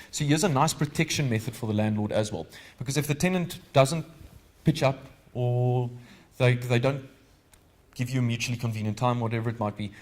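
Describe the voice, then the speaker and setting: South African man running a legal seminar. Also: medium pitch. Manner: conversational, quizzes the audience with rhetorical questions. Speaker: legal trainer. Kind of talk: live training seminar.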